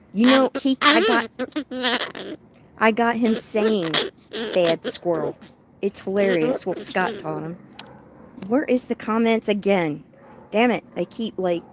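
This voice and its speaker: A woman's voice: fairly low pitch, a bit bright. A woman from Tennessee chatting casually with her viewers while reading comments outdoors at home, breaking off now and then to soothe a noisy pet bird. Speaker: vlogger with a pet cockatoo. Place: outdoors at home with birds and dogs nearby. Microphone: handheld phone.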